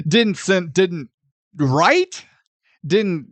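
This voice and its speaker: A man hosting a casual film review podcast, sarcastic and animated, swearing freely as he retells a plot. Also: a little high, measured pace, no echo.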